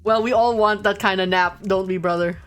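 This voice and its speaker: A woman's voice: medium pitch, steady tone, moderate pace. Laughing woman streamer joking over a game. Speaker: streamer playing a video game. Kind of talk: casual gaming commentary.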